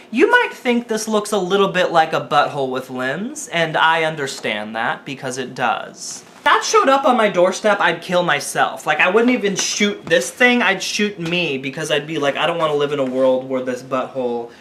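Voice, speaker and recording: A young man riffing in a rambling comic monologue to camera, self-deprecating with deadpan asides and swearing. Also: on the high side, moderate pace, few pauses, a little hiss or hum. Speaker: comedy vlogger.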